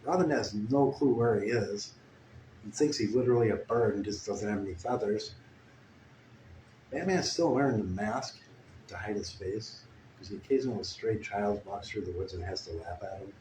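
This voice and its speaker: A man telling a crude, meandering comic story with deadpan asides. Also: fairly low pitch, moderate pace. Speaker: comedic storyteller. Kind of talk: rambling improvised comic story. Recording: echoey room with faint ambient noise. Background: guitar playing.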